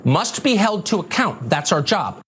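A man's voice: sits high, very animated, moderate pace, a bit bright, slight background noise. A man hosting a TV news interview, defensive and argumentative. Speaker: cable news host. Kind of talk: heated TV interview.

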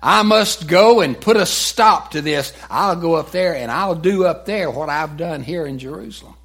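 A man's voice: on the low side, slow, fairly bright tone, husky, exaggerated voice. A man voicing a furious young male persecutor with urgent, stammering speech. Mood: determined rage.

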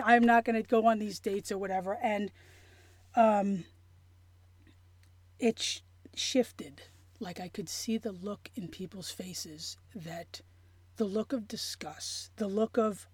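A woman telling a personal story in an interview, earnest and emotional, halting with many restarts and fillers. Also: medium pitch, darkish tone, dry recording. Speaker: interview guest.

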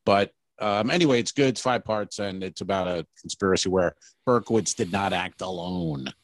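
A man's voice: deep voice, moderate pace, no room sound. A man co-hosting a casual comedy podcast, telling rambling, profane stories. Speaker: podcast co-host.

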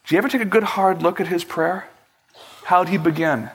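A man preaching a sermon as pastor, measured and emphatic, slowing down for prayerful quotes. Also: high voice, fairly bright tone, slightly rough. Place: church sanctuary.

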